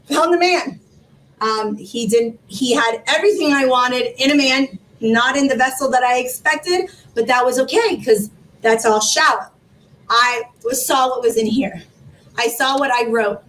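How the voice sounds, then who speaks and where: High-voiced woman in her forties, rambling. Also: unhurried. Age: 40s. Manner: animated, rambling, with many fillers and laughs. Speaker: interview guest, foundation founder. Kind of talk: emotional storytelling interview. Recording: distant mic with faint background noise.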